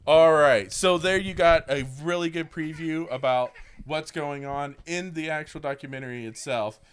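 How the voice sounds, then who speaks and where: A man's voice: fairly high pitch, normal speed, clean tone. A man hosting a podcast, chatting casually and rambling a little as he corrects himself. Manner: rambling, with fillers and self-corrections. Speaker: podcast host. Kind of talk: casual chat about a documentary.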